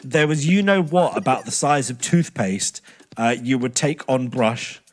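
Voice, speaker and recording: A man co-hosting a comedy podcast, reading out crude listener stories in a flat deadpan way. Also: medium pitch, unhurried. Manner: deadpan reading, breaks into laughter. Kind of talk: casual comedy podcast chat.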